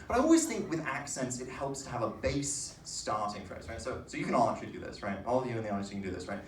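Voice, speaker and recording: A man's voice: mid-range voice, animated, quick pace, few pauses, a little hiss or hum. Chatty young man doing stand-up. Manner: playful, chatty, with frequent "right?" asides. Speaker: stand-up comedian. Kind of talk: stand-up comedy set. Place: comedy venue with live audience. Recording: echoey room, distant mic.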